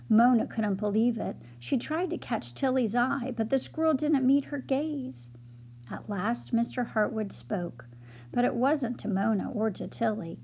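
A woman reading a children's chapter book aloud in a gentle, unhurried storytelling manner. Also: on the high side, breathy edge. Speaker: storybook reader.

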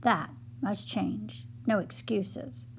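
A woman's voice: mid-range voice, extremely slow, creaky, a little hiss or hum. A woman voicing a stern male badger who runs a hotel in a storybook, speaking in a commanding way. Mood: remorseful.

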